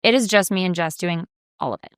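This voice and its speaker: Chatty woman, smooth dry voice. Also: fairly low pitch, fast, no room sound. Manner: chatty, quotes herself and others often. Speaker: reality TV guest. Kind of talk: casual interview chat.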